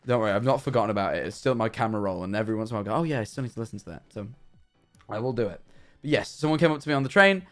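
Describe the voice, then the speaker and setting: A man's voice: fairly low pitch, animated, very fast, soft background music. A man, chatting casually on a livestream and telling rambling, jokey stories. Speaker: streamer.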